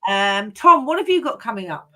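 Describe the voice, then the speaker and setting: A woman's voice: on the high side, sing-song, brisk, pushed and bright. A woman hosting a casual online panel chat, friendly and chatty. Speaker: host.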